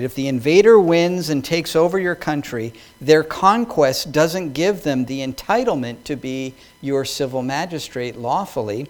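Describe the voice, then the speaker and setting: Male pastor, sermon delivery, slightly raised pitch, emphatic and insistent. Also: expressive, moderate pace.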